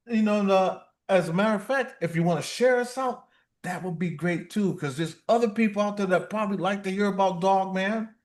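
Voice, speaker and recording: A man's voice: high-pitched, brisk. A man hosting a casual livestream, playful and reading viewer comments aloud. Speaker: livestream host.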